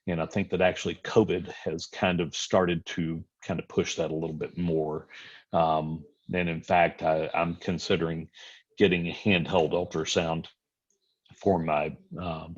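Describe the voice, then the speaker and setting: A middle-aged man with a very low, slightly husky voice, teaching a room of medics in a relaxed lecture. He tells stories and plays out both sides of the conversations in them. The recording sounds dull and lo-fi. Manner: storytelling, acts out dialogue in anecdotes. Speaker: physician lecturer. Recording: dull lo-fi audio.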